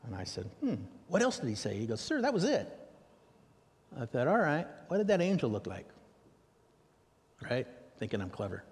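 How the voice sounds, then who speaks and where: American male preacher, mid-pitched, lively storyteller, big echoing hall. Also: brisk. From United States. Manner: animated, acts out dialogue with raised pitch for questions. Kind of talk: sermon storytelling. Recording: long reverb of a large hall.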